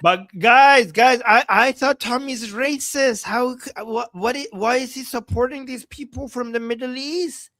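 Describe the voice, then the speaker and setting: A man from Iran co-hosting a livestream, reacting excitedly to rally footage and reading chat messages aloud. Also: very high-pitched, unhurried, hardly any pauses, dry recording. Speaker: livestream co-host. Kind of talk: live commentary on rally footage.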